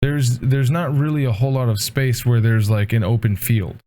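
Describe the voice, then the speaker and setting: A man runs a tabletop game as its game master. His voice is mellow and relaxed, and he sits at a middling pitch. He talks in a loose, casual way and swears freely. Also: normal speed. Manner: casual and profane.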